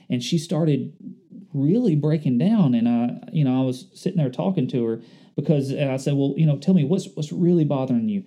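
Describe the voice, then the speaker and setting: A man delivers a sermon in a warm, deeply mellow voice, pitched in a middle range. He speaks in an earnest, conversational way, reflective and personal with his listeners. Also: normal speed. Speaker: pastor.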